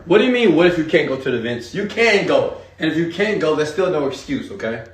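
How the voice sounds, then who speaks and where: A man teaching a live seminar, talking straight to the audience in an animated, hype-driven way. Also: on the high side, fast, echoey room, recorded from a distance, a little hiss or hum. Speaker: speaker teaching an online marketing seminar.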